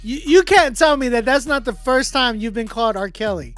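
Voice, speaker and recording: A man hosting a casual livestream, chatting with viewers in slang and often trailing off into quiet mumbles. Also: very high-pitched, lively intonation, a little fast, soft background music. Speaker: livestream host running a song battle.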